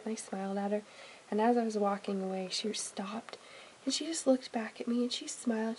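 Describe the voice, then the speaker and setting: A woman's voice: medium pitch, steady tone, brisk, a little hiss or hum, rough recording. A woman chatting casually to camera from a home closet for her family vlog, rambling with plenty of "um" and "you know". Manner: chatty, frequent "um" and "you know", drifting softer. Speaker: family vlogger.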